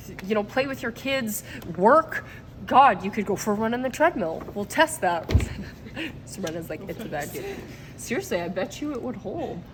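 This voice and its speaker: A woman's voice: medium pitch, a bit bright, slight background noise. A woman talking to camera in a casual vlog, emotional and rambling, often breaking into laughter. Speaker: vlogger and product maker.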